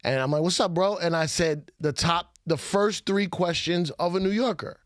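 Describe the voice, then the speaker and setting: A man from New York City hosts a loose, casual podcast conversation in a notably high voice. His delivery is dry and close-miked, and he tells his stories with plenty of animation. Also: normal speed, no room sound. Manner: animated storyteller, tosses in quoted dialogue. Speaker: podcast host. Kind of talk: casual chat.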